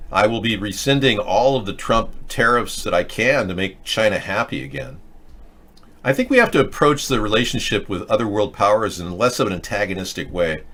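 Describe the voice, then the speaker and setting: A man hosting a political commentary show, talking in a rambling, sarcastic way, mid-pitched. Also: a bit bright. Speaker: host.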